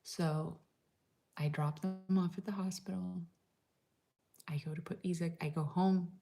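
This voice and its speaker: Low, gravelly woman chatting. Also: fairly even intonation, measured pace, mellow. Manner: chatty, frequent "like" fillers, drops into whispers. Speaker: vlogger. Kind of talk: casual vlog chat. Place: home in Slovenia.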